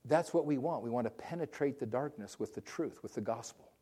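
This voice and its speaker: A middle-aged man delivers a sermon as a pastor. His voice is mellow and warm, with a middle pitch. He preaches with feeling, often stumbling and repeating words as he builds his point. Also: lively intonation, brisk, breathy edge. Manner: impassioned storytelling with frequent restarts and repeated words.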